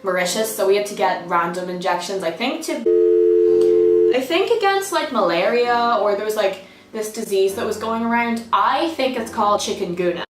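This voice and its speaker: A woman's voice: medium pitch, animated, moderate pace, roomy sound, distant mic, music in the background. A young woman talking casually to camera as a vlogger, emotional and self-mocking, with frequent swearing. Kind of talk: casual vlog chat.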